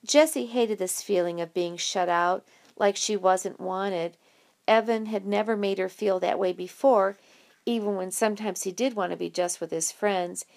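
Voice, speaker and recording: A woman narrating an audiobook in a lively, expressive storytelling way. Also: mid-range voice, normal speed, vocal fry.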